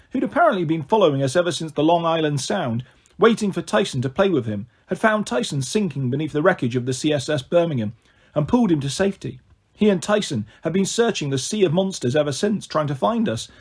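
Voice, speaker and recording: A man reading a novel aloud in first person, with expressive, animated narration. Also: fairly high pitch, brisk, breathy edge. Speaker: storyteller.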